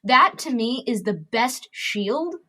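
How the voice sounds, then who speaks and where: Blunt, bright-voiced woman comedian. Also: on the high side, expressive, slow pace, breathy edge. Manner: blunt, profane and emphatic. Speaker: guest, comedian and advocate. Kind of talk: candid podcast interview.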